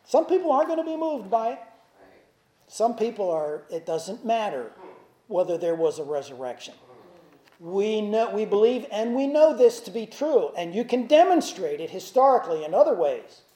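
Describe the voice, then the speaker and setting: A man's voice: high-pitched, sing-song, normal speed, mellow, echoey room. A man preaching a sermon in a church, talking in a conversational way with asides and restarts. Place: church sanctuary.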